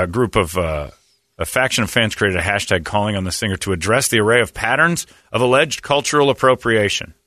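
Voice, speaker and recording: A man's voice: on the low side, bright, forceful tone, no room sound, studio quality. A man hosting a casual talk show, ranting sarcastically and mocking the people he quotes. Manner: sarcastic, mocking, reads quotes in put-on voices. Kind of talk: casual talk radio banter.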